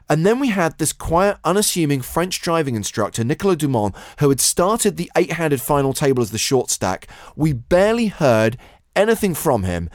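A man co-hosting a poker podcast, recapping events in a measured, wry way. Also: mid-range voice, no room sound, clean studio sound. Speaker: poker show co-host. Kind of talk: casual podcast chat.

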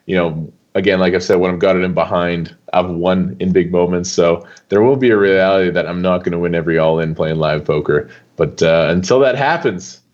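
A young man talking as a guest on an interview show, loose and animated, full of casual fillers. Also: sits low, fairly quick, hardly any pauses, dull audio. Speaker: poker player guest.

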